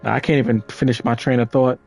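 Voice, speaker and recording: A man's voice: medium pitch, level tone, fairly quick, vocal fry, a little mellow, soft background music. Rambling man with a New York accent. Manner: rambling, self-correcting, profane. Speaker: gaming streamer. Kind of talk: casual gameplay commentary.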